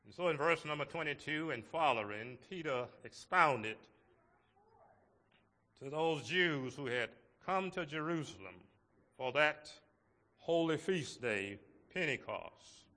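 A man preaching a sermon to his congregation in a slow, measured way, with emphatic rises on key words. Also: on the high side, lively intonation, bright, forceful tone, in a large hall. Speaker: pastor.

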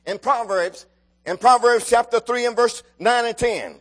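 A preacher with a very high voice delivers a sermon to his congregation. He swings between quiet stretches and loud, emphatic bursts, calling out to the room to respond. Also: unhurried. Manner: calls out to the congregation, rising and falling emphasis.

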